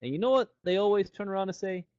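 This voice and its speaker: Middle-aged man giving a lively sales training. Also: high-pitched, racing, dry recording. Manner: animated storyteller who acts out the quoted people. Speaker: network marketing trainer. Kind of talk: motivational training talk. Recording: dull, dry lo-fi recording.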